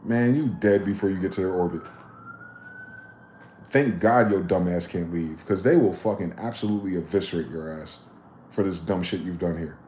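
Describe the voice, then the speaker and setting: Late-30s male livestreamer, lowish voice, heated preachy rant, echoey room. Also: moderate pace, a little hiss or hum. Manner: heated, profane, preachy rant with sharp swings in loudness. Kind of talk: ranting livestream monologue. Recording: roomy echo.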